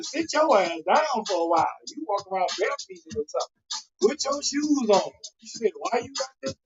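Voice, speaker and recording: A man doing profane comedic storytelling as the host of a live show, animated and mock-indignant, with loud outbursts. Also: extremely high pitch, slight background noise. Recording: dull lo-fi livestream audio.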